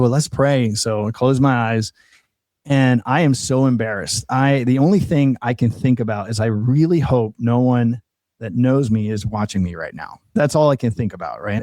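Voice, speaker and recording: A man from Colombia tells his life story as a guest on a talk show, earnest and conversational. His voice is mellow and warm. The sound is close and dry, with no room around it. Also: medium pitch, dry recording. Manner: earnest storytelling, quoting others in dialogue. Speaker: podcast guest. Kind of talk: personal testimony in casual conversation.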